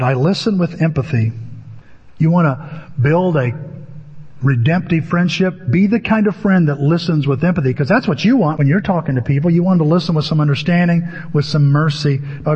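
A man's voice: on the high side, breathy edge. A man preaching a sermon, telling stories with animation and acting out his own inner voice. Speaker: pastor. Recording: dull lo-fi audio with long hall reverb.

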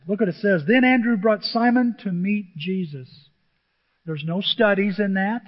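A pastor preaching a lively sermon to his church, acting out quotes in different voices. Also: high-pitched. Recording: dull lo-fi sound with long hall reverb.

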